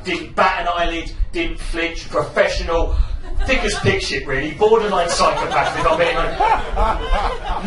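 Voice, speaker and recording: A man performing a stand-up comedy routine on stage, swearing heavily and building into shouted rants. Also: a little high. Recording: echoey live venue, far from mic.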